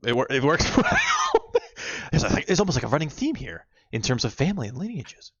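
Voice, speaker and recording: A man's voice: a little high, huge pitch swings, a little fast, a bit bright, husky, dry recording. A man co-hosting a casual game-review chat, rambling and hesitant, with many fillers. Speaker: podcast co-host. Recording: dry, dull lo-fi mic.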